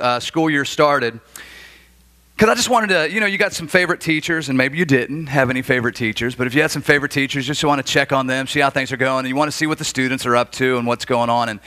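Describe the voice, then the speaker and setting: A man in his forties from Florida, preaching a sermon as a pastor and telling stories with animated, acted-out dialogue. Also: on the high side. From Florida, USA. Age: 40s. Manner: animated storytelling, acts out dialogue. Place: church.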